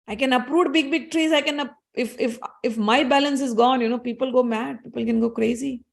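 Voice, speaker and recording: A woman's voice: high voice, steady tone, brisk, gravelly. Woman putting on boastful wind god, storytelling voice. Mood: bragging.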